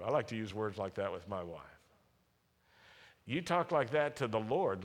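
A man's voice: medium pitch, expressive, moderate pace, pauses often. Earnest male preacher in a reverberant hall. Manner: earnest, emphatic preaching with repetition. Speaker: pastor. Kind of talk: sermon.

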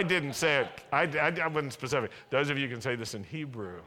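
A mid-range male voice preaches a sermon as pastor, animated, a little fast, bright and forceful, with hardly any pauses. He asks the congregation to answer him, and the large worship hall lends a long reverb.

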